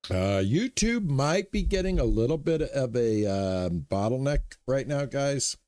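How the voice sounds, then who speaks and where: During a live stream of a shop game, a man explains his moves and chats comfortably with his viewers between observations about play. He has a mid-range voice and a measured pace, with no room sound.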